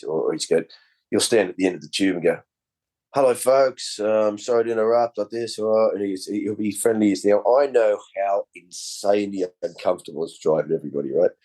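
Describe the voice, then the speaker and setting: A man, a podcast guest, telling animated stories in casual conversation and swearing freely. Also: low-pitched, quick pace.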